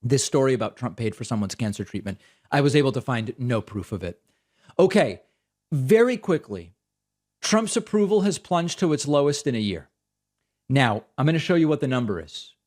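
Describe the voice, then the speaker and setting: A man's voice: medium pitch, lively intonation, normal speed, a little mellow. A man hosting a political talk show, giving sarcastic, incredulous commentary on news clips.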